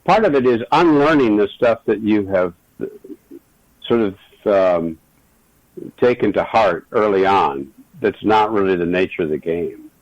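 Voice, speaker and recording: A man's voice: lowish voice, expressive, measured pace, no echo, muffled recording. A middle-aged man, a regular guest, talking earnestly and telling stories in a reflective conversation. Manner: earnest, storytelling.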